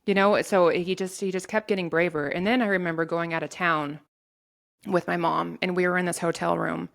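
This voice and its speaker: A woman telling a painful personal story in an interview, in a halting way with many restarts. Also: fairly low pitch, fairly even intonation, gravelly, a bit bright. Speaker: guest sharing her story.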